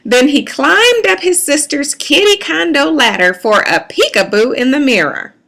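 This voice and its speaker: A woman reading a picture book aloud to children in an animated, sing-song way. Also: sits high, normal speed. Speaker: storyteller.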